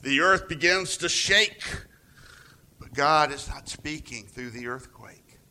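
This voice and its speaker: Slow, bright-voiced preacher, swinging loud to soft. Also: male voice. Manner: dramatic swings from loud to near-whisper; acts out quoted voices with raised pitch. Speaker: pastor. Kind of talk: sermon.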